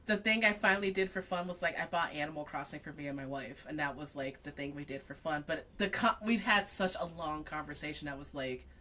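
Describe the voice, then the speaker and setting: Bright, animated woman chatting. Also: low voice, fairly quick, hardly any pauses. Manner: animated storytelling, acting out quoted dialogue, frequent "like"; laughs often while talking. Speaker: guest. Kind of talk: casual interview chat.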